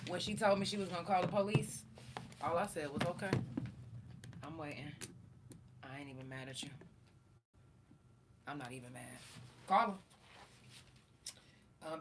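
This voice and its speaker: A woman podcast host telling a story in a profane, animated way and acting out the quotes. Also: lowish voice, far from the mic, slight background noise. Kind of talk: casual storytelling.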